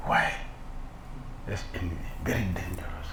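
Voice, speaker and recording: A man's voice: mid-range voice, very animated, measured pace, pauses often, noisy background. A man giving a scripture sermon as a swami, firing rhetorical questions and mocking envy with a laugh. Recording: echoey hall with faint ambience.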